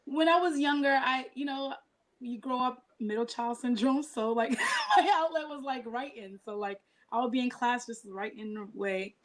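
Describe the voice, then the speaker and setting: A woman's voice: sits high, very animated, normal speed. A woman being interviewed as a singer and poet, talking casually and filling her speech with "like". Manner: chatty, filler-heavy with frequent "like".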